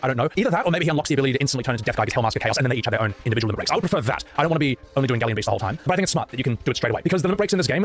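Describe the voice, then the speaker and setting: A man streaming and chatting casually about games, opinionated and joking, prone to rants. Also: mid-range voice. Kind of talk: casual gaming chat.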